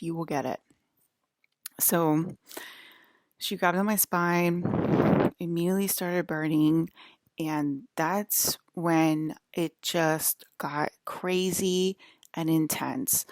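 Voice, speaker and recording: A young woman with a low voice tells a long personal story in loose, casual speech. She rambles and fills her talk with fillers and swearing, and laughs often along the way. The sound is dry and close, with no room around it. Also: dry recording. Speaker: vlogger.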